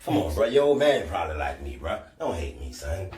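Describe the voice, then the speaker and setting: A man on a live stream delivering a loud, profane rant, scolding and repeating himself for emphasis. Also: low-pitched, very animated, a little fast, roomy sound, faint music behind.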